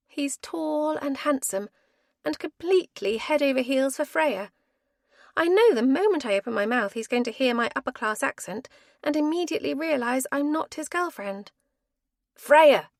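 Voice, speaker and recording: A woman narrating a first-person thriller audiobook in a lively, expressive reading. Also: sits high, vocal fry, no echo, studio quality.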